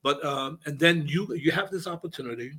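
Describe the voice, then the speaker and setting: An older man with a husky, bright voice hosts a relaxed community radio chat. He talks in a halting way, full of fillers and restarts, but stays friendly and curious. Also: a little high. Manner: hesitant, many fillers and restarts, chatty. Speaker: radio host. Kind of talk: casual radio interview.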